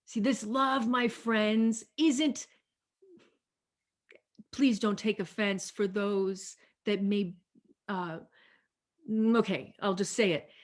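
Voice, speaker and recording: A woman pastor preaching a sermon over a video call, deliberate and repetitive, drawing out her key phrases for emphasis. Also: mid-range voice, fairly even intonation.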